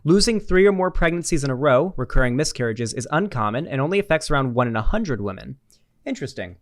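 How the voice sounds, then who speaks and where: A man's voice: mid-range voice, lively intonation, fast talker, no room sound, studio quality. A young man hosting a political reaction video, talking in a sarcastic, rambling way with many restarts. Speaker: political commentary host. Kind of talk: reaction commentary.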